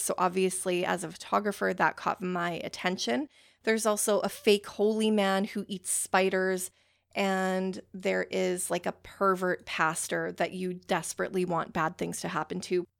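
An excitable young woman hosts a casual book-talk podcast, rambling through her thoughts with plenty of "like" fillers and the odd swear word. Her voice carries a gravelly, fry-laden edge, and the recording is dry and close with no room sound. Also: medium pitch, no echo. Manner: easily worked up, swears casually. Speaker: podcast host. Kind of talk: casual book-review chat.

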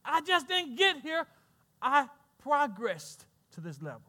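Southern male pastor, middle-aged, very high ringing voice, lively sermon delivery. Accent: Southern American. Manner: preaching with call-and-response asides and laughter; voices imagined congregants in quick back-and-forth.

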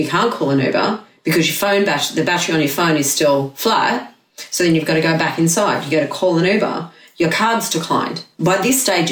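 A woman guest talking about dog behaviour, an animated storyteller in casual chat who swears freely. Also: deep voice, roomy sound, far from the mic, rough recording.

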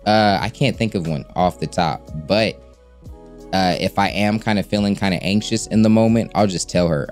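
Man, very deep voice, laid-back, casual co-host, faint music behind. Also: moderate pace, a little mellow. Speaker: podcast co-host. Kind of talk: casual relationship chat.

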